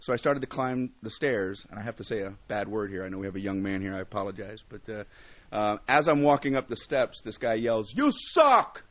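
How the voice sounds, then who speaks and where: A man's voice: on the low side, brisk. A male comedian telling stories from his early career in a radio studio interview, acting out his own reactions and other people's voices. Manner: animated storyteller, acts out voices and reactions. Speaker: comedian guest. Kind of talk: storytelling interview. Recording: dull satellite radio broadcast.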